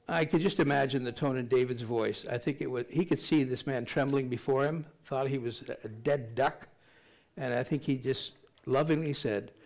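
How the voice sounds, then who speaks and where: An older man, a pastor, preaches a sermon in a mid-range, slightly mellow voice. He reads scripture aloud and tells stories conversationally, drifting into rambling, self-deprecating asides.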